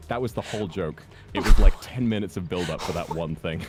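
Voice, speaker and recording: A young man chatting casually as a guest streamer, an animated storyteller who keeps jumping into high put-on voices to quote people. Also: a little fast, hardly any pauses, over music.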